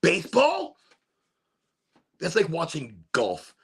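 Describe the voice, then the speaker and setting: A middle-aged man from Chicago telling a rambling story on a live stream, animated and swearing, with sudden shouts when he acts out voices. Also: a little high, takes it slowly. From Chicago, USA. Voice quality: gravelly and husky. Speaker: streamer hosting a smoke session.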